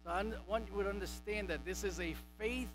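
A man's voice: high voice, a little fast, music in the background, rough recording. A male pastor preaching a sermon emphatically, repeating and stressing key words. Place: church sanctuary.

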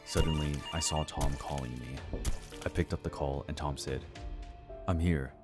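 Very deep-voiced man narrating a horror story. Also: fairly even intonation, normal speed. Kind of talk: scripted first-person horror narration. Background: faint background music.

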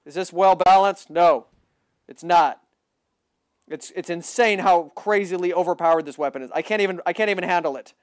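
Excitable high-voiced male game streamer. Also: moderate pace, dry recording, studio quality. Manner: excitable, bursts into loud yelling; boastful, repeats phrases. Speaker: gaming livestreamer. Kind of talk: live gameplay commentary.

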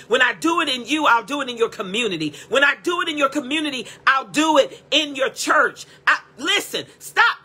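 Bright, pushed and slightly rough, this woman's high voice carries an impassioned, repetitive sermon in which she bluntly scolds as a prophetic teacher and bursts into cries of praise.

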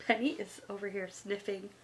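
A woman reviewing toys at home, gushing and excitable in a casual chat. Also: medium pitch, slight background noise, poor audio. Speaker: toy reviewer.

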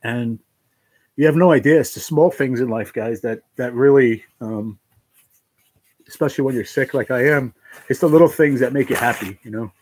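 A man talking to his livestream viewers, halting and emotional, choked up with tears of joy. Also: mid-range voice, a little mellow, slightly rough, rough recording. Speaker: livestream host.

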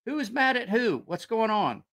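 A man's voice: high-pitched, big pitch swings, moderate pace, fairly bright tone, voice pushed up, heavily acted. A man voicing a flustered, confused young male sailor who stammers out frantic questions. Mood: panicked.

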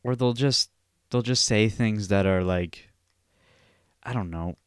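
Young male podcaster, solo rant, crisp dry voice, swears a lot, rambles. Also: fairly low pitch, slow pace, no room sound. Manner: profane, rambling, animated storytelling. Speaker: podcast host.

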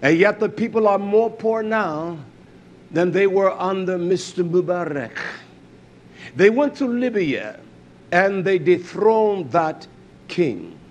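Male preacher, fiery sermon, high and very lively delivery, loud then muttered. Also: takes it slowly, lo-fi sound, slight background noise. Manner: fiery, swings between loud outbursts and low muttering; repeats phrases for emphasis, says hallelujah.

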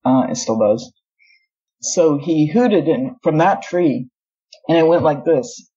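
Woman, guest, husky, warm and dark tone, rambling casual storytelling, dull lo-fi recording. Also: low voice, expressive, takes it slowly. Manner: rambling, with many asides and self-corrections. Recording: dull lo-fi audio.

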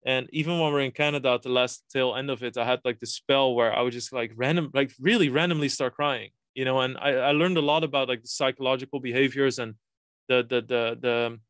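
A man's voice: medium pitch, steady tone, a little fast, fairly bright tone, smooth, no echo. Casting: thirties guy, podcast guest, rambly storyteller, cursing, very dry close sound. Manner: rambling, frequent restarts and swearing. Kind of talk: casual storytelling.

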